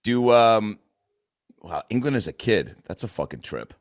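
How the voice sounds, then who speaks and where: A man's voice: on the low side, expressive, a little slow, no echo, studio quality. An American man hosting a podcast, chatting casually in a rambling, loose way with plenty of swearing. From United States. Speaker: podcast host. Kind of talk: casual chat.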